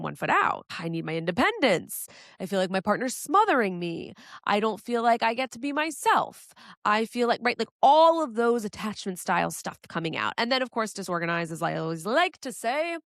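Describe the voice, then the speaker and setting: A woman's voice: mid-range voice, no room sound. Candid woman podcast host, dry close mic. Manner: candid, conversational, swears casually. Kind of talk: solo relationship advice podcast.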